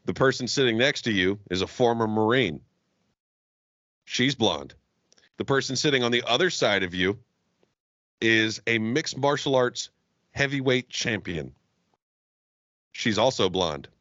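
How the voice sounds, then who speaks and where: A man's voice: medium pitch, lively intonation, unhurried, pauses often, fairly bright tone, no echo. A man on a podcast telling crude bar jokes in a casual, profane way, laughing at his own punchlines. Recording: dull lo-fi dry podcast audio.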